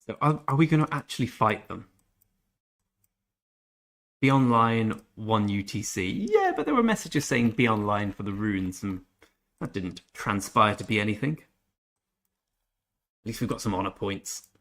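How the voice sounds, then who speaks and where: A chatty man hosts a gaming live stream, talking to his viewers in a relaxed, everyday way. He drifts between greeting people in chat and quietly thinking aloud. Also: on the low side, moderate pace, long pauses. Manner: chatty, reads chat aloud, mutters to himself. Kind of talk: casual live-stream commentary.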